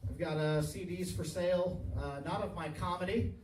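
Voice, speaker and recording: A thirty-something man with a fairly high voice works a small bar crowd with crude, self-deprecating stand-up and keeps chuckling at his own lines. He sounds echoey and a little distant, as if the room picked him up from across the bar. The delivery is loose and off the cuff. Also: fairly even intonation, normal speed, darkish tone, slight background noise. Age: 30s. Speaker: stand-up comedian. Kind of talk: stand-up comedy set. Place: small tavern stage, live audience.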